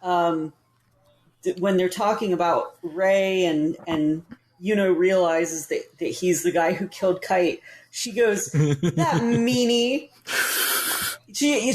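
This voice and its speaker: A woman's voice: on the low side, measured pace, darkish tone, roomy sound, rough recording. A woman co-hosting a casual game podcast, giggly and teasing. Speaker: podcast co-host. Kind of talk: casual chat.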